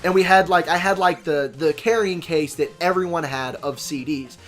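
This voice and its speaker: A young man on a gameplay channel tells a rambling, profane story, stopping and restarting as he goes. His voice sits a little high for a man, and he stumbles over names and fillers. Faint game music plays underneath. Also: moderate pace. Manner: mimics friends in shrill shouts. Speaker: let's play host. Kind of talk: casual storytelling while gaming.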